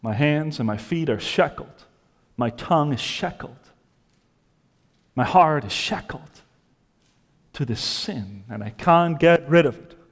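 A man preaching a sermon with passion, dropping to a hush and then rising to loud cries. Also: on the high side, expressive, slow pace, long pauses, in a large hall. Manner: impassioned, swings from hushed to loud cries. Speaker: pastor.

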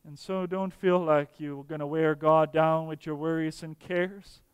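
A man preaching a sermon earnestly, slowing down for emphasis and dropping to soft, quiet tones. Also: fairly high pitch, level tone, smooth, no room sound, big-room sound, dull audio.

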